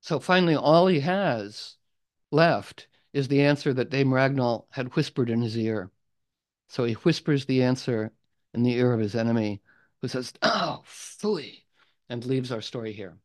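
A man's voice: medium pitch, moderate pace, darkish tone. A man telling an old legend aloud in a casual, rambling way with asides. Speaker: storyteller. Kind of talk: oral storytelling.

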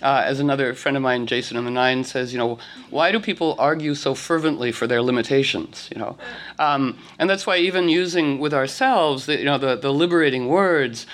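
A man's voice: medium pitch, brisk, fairly bright tone. A man leading a casual talk for a group, rambling with many fillers and restarts, often laughing. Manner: rambling, full of "you know" and restarts, laughing.

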